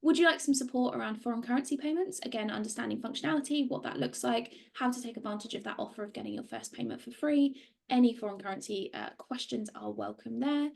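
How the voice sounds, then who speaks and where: Reading audience questions aloud in a webinar Q&A over video call, this host sounds friendly and organised. Her voice is a little high and a little mellow, creaky and sing-song, and she talks fast.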